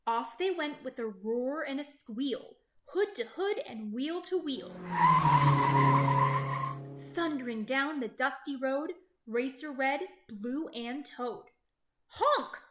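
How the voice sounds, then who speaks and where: A woman reading a children's picture book aloud in an animated, sing-song way. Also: sits high, slow pace. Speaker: storybook reader. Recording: roomy echo.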